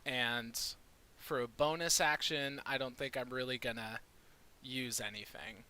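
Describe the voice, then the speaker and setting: A man's voice: medium pitch, steady tone, a little slow, pushed and bright. A man playing a tabletop game, explaining his turn in a playful, profane way. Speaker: player. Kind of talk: casual tabletop game chat.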